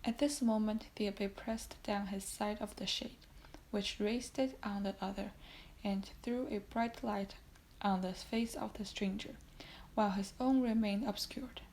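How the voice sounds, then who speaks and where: A woman's voice: mid-range voice, fairly even intonation, measured pace, a little mellow, slight background noise, poor audio. A woman reading a classic novel aloud as an audiobook, sometimes dropping to a whisper and correcting her own slips. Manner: reads classic prose, with whispered passages and self-corrections. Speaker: audiobook reader.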